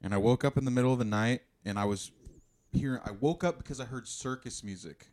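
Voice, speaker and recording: A man's voice: medium pitch, quick pace, background noise. A man co-hosting a podcast, telling stories casually and swearing freely. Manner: animated storyteller, swears freely. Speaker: podcast co-host. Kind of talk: casual chat.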